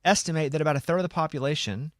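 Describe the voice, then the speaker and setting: A man's voice: a little high, rapid-fire, no room sound. A man hosting a radio show, bantering playfully with his co-hosts and coaching them along. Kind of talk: casual studio banter. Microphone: studio microphone.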